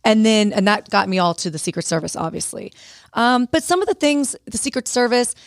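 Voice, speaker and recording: A woman, an author and guest on a radio show, telling lively stories and acting out the dialogue. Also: on the high side, a little fast, vocal fry, no echo, clean studio sound. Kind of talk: conversational interview storytelling. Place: radio studio.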